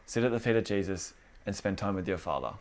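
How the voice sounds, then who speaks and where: A man's voice: low-pitched, expressive, quick pace. A man preaching to a small indoor group in a casual, conversational way, acting out the inner voices of his listeners. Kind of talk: casual informal sermon.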